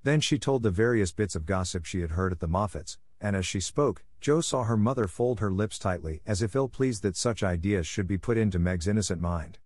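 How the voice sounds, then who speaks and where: A male narrator reading a classic novel aloud in a steady, measured way. His voice sits low, and the recording is dry and close. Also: no room sound.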